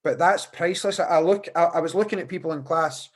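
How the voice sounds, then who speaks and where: Chatty man, higher voice. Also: fast. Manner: chatty, repeats words while thinking. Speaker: podcast host. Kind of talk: casual video-call interview. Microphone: video call.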